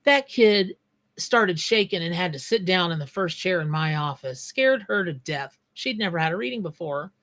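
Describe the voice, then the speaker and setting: A woman's voice: lowish voice, animated, normal speed, fairly bright tone. A woman hosting a live tarot reading, talking bluntly and casually while greeting viewers by name. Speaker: tarot reader and psychic.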